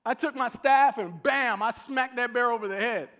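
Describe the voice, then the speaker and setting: Man, preacher, sermon, high voice, bright tone, animated storytelling. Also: moderate pace. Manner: animated storytelling, acting out quotes.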